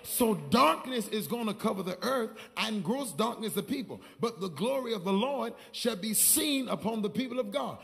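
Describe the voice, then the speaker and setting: A man's voice: high-pitched, lively intonation, moderate pace, creaky, few pauses, a bit bright, in a large hall. A man preaching a sermon as a prophet, telling stories with quoted dialogue and leading call-and-response with the congregation. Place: church.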